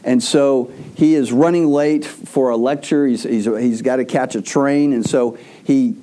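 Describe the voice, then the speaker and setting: A man's voice: medium pitch, steady tone, unhurried, mellow. A man preaching a sermon as a pastor, telling stories in a rambling way with frequent restarts.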